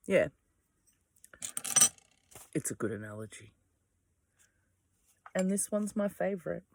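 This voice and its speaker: Give me an Australian speaker in a loose, wandering monologue, with a middling pitch and a dry, close recording. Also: sing-song, slow pace, vocal fry, long pauses, darkish tone, no echo. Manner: digressive, swears casually, chuckles. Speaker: vlogger. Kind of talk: casual rambling monologue. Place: home without power, by candlelight.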